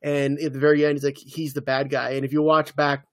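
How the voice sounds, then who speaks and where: A man co-hosting a casual podcast chat about TV shows, animated and loose. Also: a little high, brisk, dry recording, studio quality. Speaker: podcast co-host.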